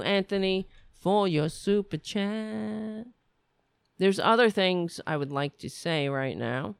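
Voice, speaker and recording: A woman hosting a live-stream show, ranting and rambling in casual chat as she thinks aloud, her voice going hoarse. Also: medium pitch, dry recording, clean studio sound. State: losing her voice.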